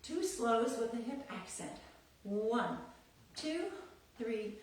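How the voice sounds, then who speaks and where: Woman dance teacher, slightly high voice, sing-song counting, heard far off in a very echoey room. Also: very animated, slow pace, a little hiss or hum. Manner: counts beats aloud in a sing-song rhythm; chatty, encouraging explanations. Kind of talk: live online dance class instruction.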